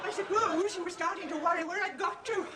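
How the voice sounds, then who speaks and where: An actress playing an exasperated, sharp-tongued middle-aged wife, speaking sarcastically and indignantly. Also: female voice, very high voice, fast, over a noisy crowd. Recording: distant mic, studio audience laughter, background noise.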